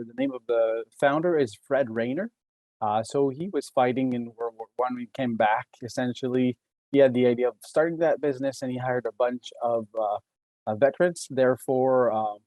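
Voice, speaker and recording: A man's voice: mid-range voice, darkish tone, dry recording. A man with a Québécois French accent giving a webinar presentation as an engineer, talking hesitantly with many fillers and restarts. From Quebec.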